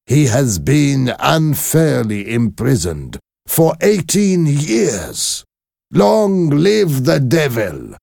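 Male reader as grim revolutionary shopkeeper, forceful, lively pitch, dry close sound. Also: drawn-out words, gravelly, no echo, heavily acted. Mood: bitter. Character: stern middle-aged male shopkeeper, a revolutionary.

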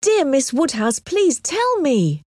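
A woman voicing an anxious, timid young woman who pleads in high, rising questions. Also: big pitch swings, unhurried, darkish tone, no room sound, studio quality.

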